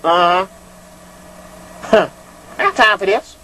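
High voiced guy hosting a call-in show, preachy and hollering, faint hiss behind. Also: expressive, unhurried, sharp tone, poor audio. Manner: preachy, rambling, hollering rants; crooning, flirty with callers. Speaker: call-in show host giving readings.

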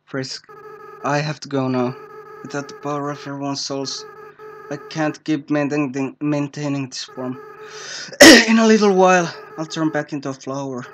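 A gamer voicing a remorseful young boy monster, reading the game's dialogue aloud in a soft, faltering way. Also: medium pitch, normal speed, slight background noise, natural voice, low-quality recording. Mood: tender.

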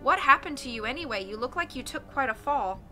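A woman's voice: sits high, animated, a little fast, pushed and bright, soft background music, heavily acted. A woman voicing a worried young man who speaks urgently. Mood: concerned. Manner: relieved, urgent.

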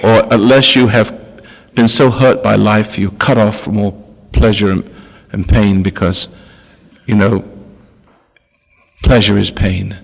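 A man's voice: fairly low pitch, fairly even intonation, takes it slowly, gravelly. An older man giving a spiritual talk, often stopping, restarting and repeating words. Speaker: spiritual teacher. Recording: long hall reverb.

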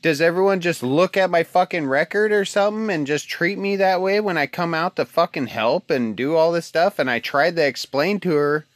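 A man from Alaska rants into his phone, sounding dry and close to the mic. His voice sits a little high for a man, and he swears nonstop and circles back over the same points again and again. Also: moderate pace, hardly any pauses, dry recording. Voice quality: heated, swears constantly, repeats himself. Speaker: husband sending a video message. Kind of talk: profane venting rant. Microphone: phone video message.

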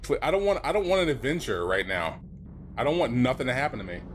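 A man's voice: mid-range voice, big pitch swings, fast talker, slight background noise. A man playing a horror game and commenting, jumpy and nervous, swearing and reading the on-screen text aloud. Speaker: let's play host.

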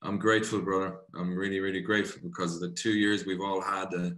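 An Irish actor gives a casual, chatty interview in a low-pitched voice, talking quickly and with animation. He keeps saying "you know" and calls the interviewer brother. The room has a noticeable echo.

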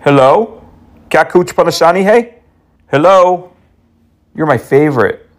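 A man with a voice on the high side, expressive and a little slow, prank-calls phone scammers. He teases and mocks them, working in Hindi words and insults as he baits the scam.

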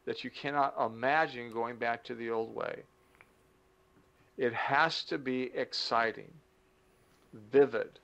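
Middle-aged male motivational speaker, gravelly, animated delivery with acted-out asides; slightly muffled recording. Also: medium pitch. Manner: animated, acts out little dialogues with the brain; slows down to stress key points. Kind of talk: motivational talk to camera.

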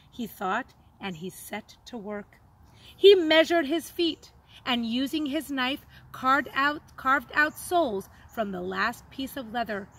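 A woman teacher reading a children's story aloud in an expressive, dramatic way. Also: sits high, slow pace, low-quality recording.

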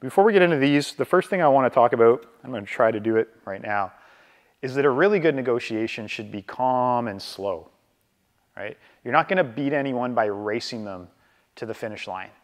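A Canadian man giving a live real estate training over a video call. He talks conversationally, keeps asking "right?", and slows down on purpose to model calm. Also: medium pitch, in a large hall.

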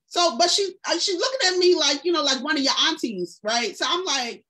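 A woman in her forties, an author and educator, telling stories casually in a book discussion. She speaks in loose, vernacular phrasing and acts out the lines of people she quotes. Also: brisk. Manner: casual and vernacular, acts out quoted speech with lively pitch jumps. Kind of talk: conversational storytelling in a book discussion.

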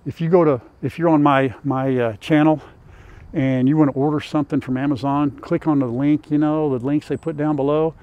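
An older man with an easy drawl, speaking a little high for a man. He chats in a folksy, rambling way, talking to his hens and to his viewers in turn, recorded on a lapel mic outdoors by a chicken pen. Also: fairly even intonation, fairly quick, lo-fi sound. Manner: folksy and chatty, talks to his birds. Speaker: farm vlogger. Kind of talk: casual farm vlog talk.

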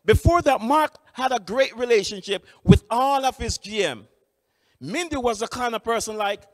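Male trainer, high lively voice, animated storyteller, reverberant hall. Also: normal speed, studio quality. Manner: animated storytelling, many restarts. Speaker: employment trainer. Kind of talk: training lecture with stories.

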